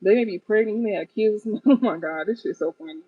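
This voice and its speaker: A woman's voice: medium pitch, lively intonation, fast talker, husky, no echo. A woman giving a casual tarot reading to her viewers, blunt and profane, often cracking up at the cards. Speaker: tarot card reader. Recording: tinny phone-like dry sound.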